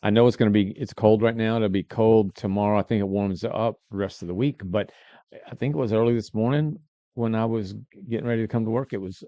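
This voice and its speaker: A man's voice: lowish voice, fairly even intonation, quick pace, dark tone, dry recording, lo-fi sound. A man hosting a live local talk show, easygoing and rambling. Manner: easygoing, rambling, restarts often. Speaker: host.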